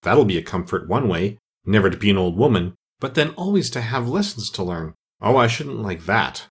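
A curious young girl from a storybook who thinks aloud and talks to herself, as a male narrator puts her on. The voice rises and falls a great deal and has a husky edge. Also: lowish voice, big pitch swings, moderate pace, exaggerated voice. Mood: musing.

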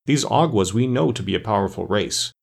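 A man's voice: lowish voice, lively intonation, brisk, creaky, husky, full character voice. A man voicing a grave, commanding ancient immortal master of the forests in a storybook reading. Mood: stern. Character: stern ancient male immortal master woodsman.

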